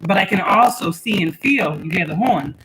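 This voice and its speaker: A woman's voice: fairly low pitch, animated, moderate pace. Chatty woman with a noisy home stream. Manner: chatty, laughing, talks to her kids between points. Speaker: spiritual reader and channel host. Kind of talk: casual livestream talk.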